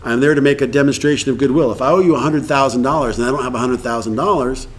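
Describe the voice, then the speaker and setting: A man's voice: medium pitch, rapid-fire. A man in his fifties speaking to a recovery meeting, telling his story in a candid, humorous, blunt way. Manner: acts out quoted dialogue. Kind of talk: casual storytelling talk to an audience.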